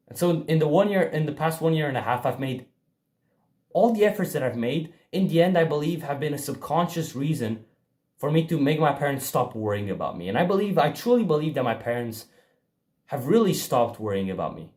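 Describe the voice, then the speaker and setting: A man's voice: fairly high pitch, big pitch swings, fairly quick, darkish tone. A young man giving a casual motivational monologue, blunt and profane, talking emphatically with frequent restarts. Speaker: self-improvement vlogger.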